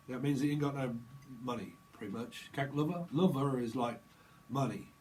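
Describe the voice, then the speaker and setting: A man talks through a tarot reading in a loose, joking stream of association. He repeats words in little sing-song runs and slips into acted bits of dialogue. His voice sits at a middle pitch, with a faint hiss under it. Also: normal speed, darkish tone. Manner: rambling, playful free association, acts out little dialogues. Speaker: tarot reader. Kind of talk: casual intuitive tarot reading.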